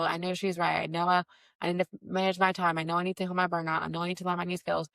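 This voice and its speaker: A woman's voice: on the low side, little pitch movement, rapid-fire, vocal fry, a bit bright, smooth, dry recording, low-quality recording. A woman hosting a casual solo podcast as a career coach, chatty and encouraging with lots of "like" and "okay.".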